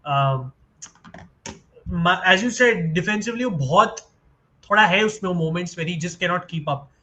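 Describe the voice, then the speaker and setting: Quick bright-voiced man on a football show. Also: sits high, lively intonation, poor audio. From India. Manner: mixes English and Hindi mid-sentence; laughs easily, self-correcting. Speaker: podcast co-host. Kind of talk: casual football chat. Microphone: live stream setup.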